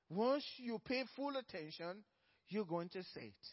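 A male pastor preaching a sermon in church. He is emphatic and repeats key phrases, moving between loud stresses and soft low asides. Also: animated, moderate pace, breathy edge, lo-fi sound.

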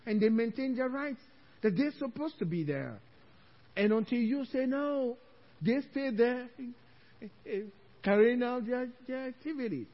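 A male pastor preaching a sermon, telling a story with animated delivery and frequent laughter. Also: very high-pitched, unhurried, big-room sound, lo-fi sound.

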